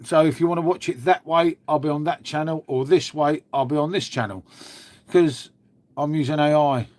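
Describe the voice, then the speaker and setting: A man's voice: a little high, moderate pace, darkish tone. A man, hosting a live stream in a casual chat, chatty and matey, swearing freely and answering viewers. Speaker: beer channel host.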